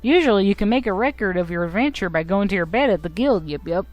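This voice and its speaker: A woman's voice: medium pitch, animated, fast talker, darkish tone, no room sound, faint music behind, close to an everyday voice. An eager young beaver guy fresh to the guild, talking in a folksy put-on full of yups and by gollies, as a woman puts him on. He sounds chirpy, and the recording is close and dry. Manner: folksy, chirpy, says yup and by golly.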